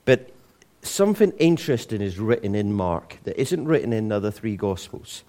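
A man's voice: fairly low pitch, very animated, moderate pace, dark tone. Chatty man preaching with humour. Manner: conversational, humorous storytelling with many restarts. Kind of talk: sermon.

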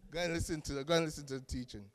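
Man, pastor, sermon, joking, animated delivery, reverberant church hall. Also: on the high side. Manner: animated, joking, acts out quoted voices.

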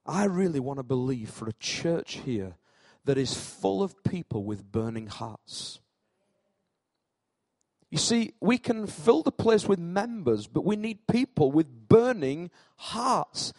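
A male pastor preaching a sermon, swinging between hushed lines and loud, animated peaks, and joking with his congregation by name. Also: a little high, takes it slowly, no echo.

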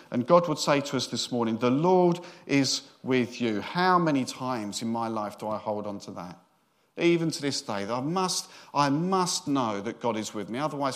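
A middle-aged man, a senior minister giving a sermon in a chatty, joking storytelling way. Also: medium pitch.

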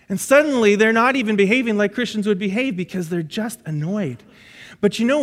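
High-voiced preacher in a reverberant auditorium. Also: male voice. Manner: lively storytelling with frequent restarts. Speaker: pastor. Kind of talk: sermon. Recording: echoey auditorium with long reverb.

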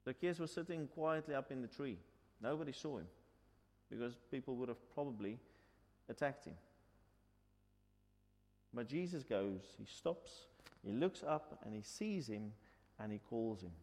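A man's voice: mid-range voice, expressive, a little slow, pauses often, darkish tone. A man preaching a sermon. He tells the story, asks the listeners questions, and repeats his points in two languages. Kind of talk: bilingual sermon. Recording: long hall reverb.

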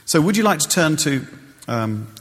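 Preacher in a reverberant church. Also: male voice, on the high side, sing-song, moderate pace, fairly bright tone. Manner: conversational, with many ums and repeated starts. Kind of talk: sermon.

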